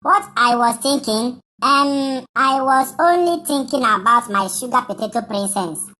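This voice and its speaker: A woman's voice: sits high, a little slow, sharp tone. A woman voicing a silly lovestruck teenage boy, goofy and pleading.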